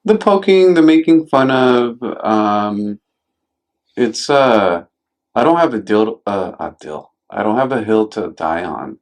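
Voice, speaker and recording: A man's voice: fairly low pitch, lively intonation, takes it slowly. A man talking casually and jokingly, rambling with fillers as he hosts a conversation. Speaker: podcast host.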